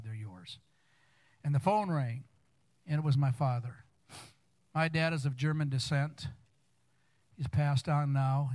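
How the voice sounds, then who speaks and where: A man's voice: on the high side, a little mellow, no room sound. A man in his sixties preaching a sermon, telling personal stories with stammering restarts and building to fervent emphasis. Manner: storytelling, rising to fervent emphasis. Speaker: guest preacher. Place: church sanctuary.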